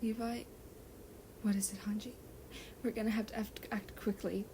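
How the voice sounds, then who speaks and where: A woman voicing an anxious, caring female medic in a fan fiction reading, speaking in a worried, hushed and breathy way. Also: medium pitch, little pitch movement, normal speed, background noise, natural voice. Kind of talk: fan fiction read aloud.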